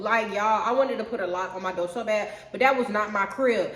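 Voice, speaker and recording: A woman's voice: medium pitch, fairly quick, few pauses, a bit bright. A young adult woman telling a personal story in a casual, profane monologue, often speaking straight to her viewers. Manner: chatty, profane, keeps addressing viewers as y'all. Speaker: storyteller vlogger. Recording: roomy echo.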